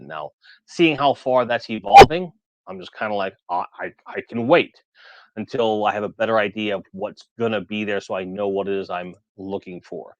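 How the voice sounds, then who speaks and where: A man's voice: fairly low pitch, dry recording. A man hosting a toy collecting livestream, chatting casually and reading viewer comments aloud in a rambling way.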